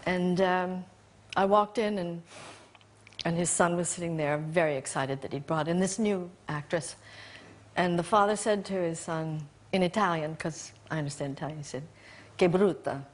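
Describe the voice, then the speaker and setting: A woman's voice: on the low side, normal speed. A woman in her sixties telling self-deprecating anecdotes as a chat show guest. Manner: wry, self-deprecating storyteller. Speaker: guest actress.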